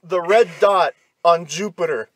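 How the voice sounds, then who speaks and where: A man co-hosting a casual movie review podcast, blunt and quick to complain. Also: sits high, no echo. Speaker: podcast co-host.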